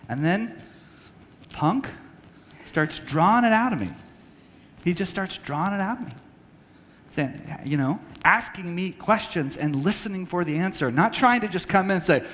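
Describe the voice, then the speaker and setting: A man giving an earnest, halting talk to a church audience, telling a personal story and acting out conversations. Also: high-pitched, lively intonation, a bit bright, big-room sound. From United States. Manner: earnest, halting with restarts, acts out dialogue. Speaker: speaker at a church training session. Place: church hall.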